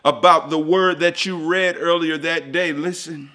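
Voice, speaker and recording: A pastor preaching to his church in a high, ringing voice. He drops to near-whispers, then surges into loud, repeated lines to drive each point home. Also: steady tone, a little slow. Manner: swings from hushed to loud and preachy; repeats lines with rising emphasis. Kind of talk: sermon.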